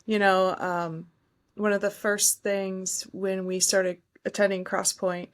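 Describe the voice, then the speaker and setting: A woman's voice: medium pitch, little pitch movement, slow. A woman hosting a podcast, chatting casually and reacting to her guest. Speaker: podcast host. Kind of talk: casual chat.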